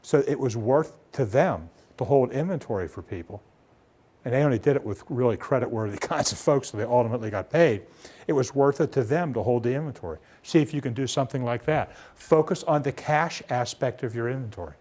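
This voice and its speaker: In a seminar room, a man gives a live small business seminar in an animated, fairly quick voice with a darkish tone. His talk is conversational and full of rhetorical questions, and he raises his pitch to act out a demanding debtor.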